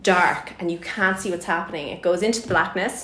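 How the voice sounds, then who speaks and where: A woman with an Irish accent, a printmaker and tutor chatting casually as a podcast guest, animated and jumping into higher voices for quotes. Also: brisk. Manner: animated storyteller, jumps to high voices for quotes. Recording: echoey room.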